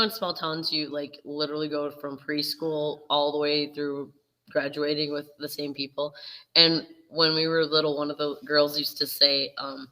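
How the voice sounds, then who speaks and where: Woman in her 40s, co-host, very bright tone, chatty storyteller, laughs a lot. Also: deep voice, poor audio. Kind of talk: casual chat.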